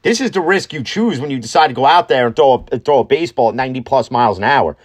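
A man's voice: mid-range voice, animated, fast. A man hosting an opinionated sports talk show, ranting bluntly and swearing freely. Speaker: sports podcast host.

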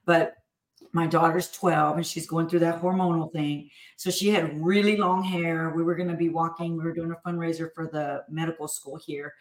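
A woman's voice: sits low, moderate pace. A woman from Texas, a business-owner guest, chatting casually and acting out family conversations as she tells stories. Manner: animated, acts out family dialogue. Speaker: entrepreneur guest. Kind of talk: casual interview storytelling. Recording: echoey room.

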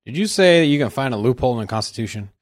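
Brief: male podcast co-host, blunt and lively, mid-pitched with a wide range. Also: very fast. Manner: blunt, argumentative, laughs easily. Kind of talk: casual podcast chat.

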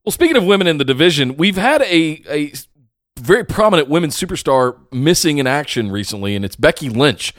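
A man's voice: fairly high pitch, very animated, brisk, fairly bright tone, no echo. A man co-hosting a wrestling podcast in casual chat, upbeat and easygoing.

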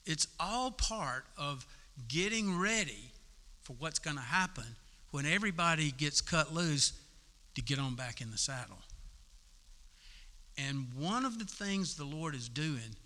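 A man's voice: fairly high pitch, animated, a little slow, long pauses, bright, forceful tone, in a large hall. A man preaching a sermon in a folksy, conversational way, with casual asides to the congregation. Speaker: pastor. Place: church sanctuary.

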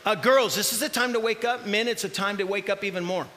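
A man preaching a sermon, acting out the voices in the scripture he reads and rising to shouts at the high points. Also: fast, in a large hall. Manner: animated, acts out voices in the scripture, shouts at peaks.

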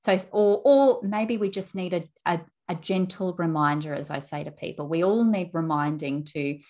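Affirming woman host, lowish voice. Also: moderate pace. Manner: warm-hearted affirming, storytelling with restarts. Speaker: interview host. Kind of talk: conversational interview.

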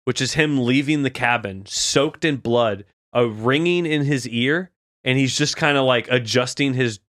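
A man co-hosting a casual podcast, talking through scenes with animated energy and plenty of swearing. His voice sits at a middle pitch. The sound is dry and close, with no room around it. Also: unhurried, no room sound. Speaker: podcast co-host. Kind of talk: casual spoiler chat.

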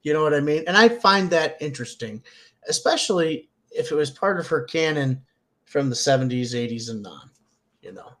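A man co-hosting a podcast in a casual chat, joking and goofing around as he rambles. His voice sits somewhat high for a man. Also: lively intonation, normal speed. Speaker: podcast co-host.

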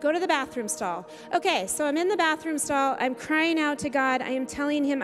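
Woman pastor with a high voice, preaching earnestly and casually in a reverberant church hall with soft music under. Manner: earnest, conversational preaching with quick asides. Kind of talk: sermon. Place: church sanctuary.

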